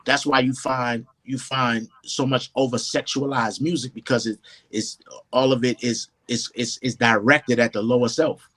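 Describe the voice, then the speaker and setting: A man's voice: mid-range voice, level tone, normal speed, a bit bright. A man, a hip hop producer and mixing engineer, talking through his craft in a casual interview, often saying "you know what I mean".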